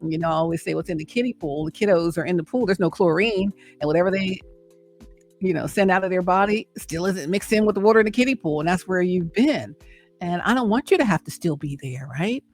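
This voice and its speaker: With a fairly low, darkish voice, she speaks animatedly and fairly quickly while faint music runs underneath. The middle-aged woman is hosting a faith talk to camera, encouraging and preachy, echoing her phrases and asking "right?"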